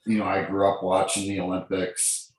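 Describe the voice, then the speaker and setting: Brief: middle-aged guest, deep voice, earnest anecdotes, heavy room echo. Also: male voice, completely flat delivery, moderate pace. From New Brunswick, Canada. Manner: earnest, repeats and restarts phrases, tells anecdotes. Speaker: guest, former hockey referee. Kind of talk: casual interview talk. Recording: very echoey room.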